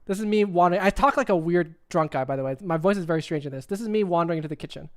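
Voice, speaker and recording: A man chatting on his livestream at a quick clip, his voice smooth and clear. He rambles and repeats himself as he hunts for the right clip, loose and casual throughout. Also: high-pitched. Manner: rambling, repeats himself while cueing up clips. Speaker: livestream host.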